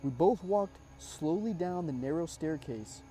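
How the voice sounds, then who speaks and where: A man narrating a first-person horror story in a measured, suspenseful way, dropping casual asides. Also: on the high side, lively intonation, warm tone, soft background music.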